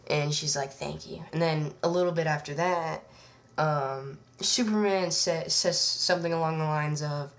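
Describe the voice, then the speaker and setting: A woman's voice: low voice, moderate pace. A woman reviewing a comic book, recapping the plot in a rambling way with lots of fillers. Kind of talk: casual review vlog.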